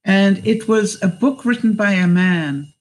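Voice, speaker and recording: A woman's voice: mid-range voice, unhurried. A middle-aged woman vlogger on a live stream, reading viewers' comments aloud and giving them chatty life advice by name. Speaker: vlogger answering live chat.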